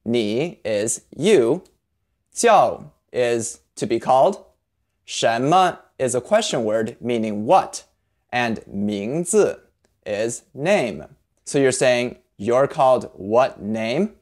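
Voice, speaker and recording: A language teacher giving a video lesson, patient, spelling sounds out slowly and carefully. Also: mid-range voice, expressive, a little mellow.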